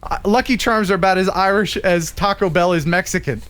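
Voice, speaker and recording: A middle-aged man hosting a live stream, telling stories in a joking, animated way. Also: high-pitched, fairly quick, clean tone. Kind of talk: casual live-stream chat.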